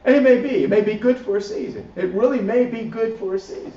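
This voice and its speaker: Man teaching, high voice, stammering restarts, distant mic, echoey room. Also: fast, mellow. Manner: repetitive restarts, rhetorical "right?" tags. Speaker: ministry teacher. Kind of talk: recorded teaching session. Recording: roomy, distant, dull lo-fi audio.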